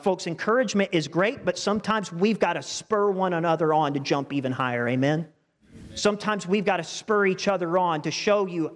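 A man's voice: a little high, long reverb tail. A male pastor preaching a sermon in a conversational style, with asides to the congregation.

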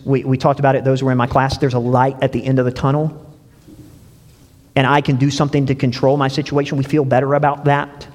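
A man's voice: medium pitch, darkish tone. A male pastor preaching a sermon in a conversational way, dropping in "you know" and "right?" and repeating words as he restarts. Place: church. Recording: long reverb of a church hall.

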